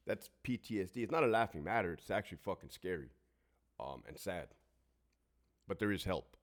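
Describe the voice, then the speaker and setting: Middle-aged guy w a lowish voice, cussing a lot, just talking straight to camera about his past. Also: lively intonation, brisk, pauses often. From Southern California. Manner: blunt, heavily profane, emphatic. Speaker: former prison guard and military veteran. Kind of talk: casual storytelling monologue.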